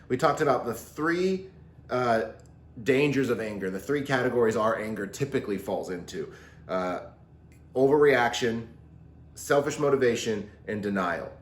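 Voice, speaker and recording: Animated man teaching a youth Bible lesson. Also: medium pitch, normal speed. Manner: lively, acts out quotes in voices. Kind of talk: recorded Bible lesson for teens. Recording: roomy echo.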